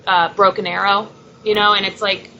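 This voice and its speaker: A woman, a wrestler, answering an interview in a measured way and explaining with examples. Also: mid-range voice, little pitch movement, pushed and bright, lo-fi sound, slight background noise. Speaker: guest, wrestler.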